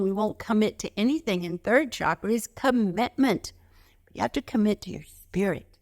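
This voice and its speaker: Woman, spiritual teacher, calm, emphatic, guided breathing instructions. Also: mid-range voice.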